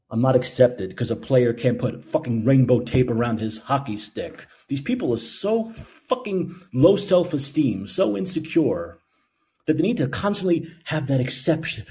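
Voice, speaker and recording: A male call-in show host on an angry, profane rant. His mellow, dark-toned voice swings widely in pitch, climbing high when he gets worked up and dropping low into muttered asides. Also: very animated, a little slow. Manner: heated, profane, sneering. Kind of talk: opinion rant.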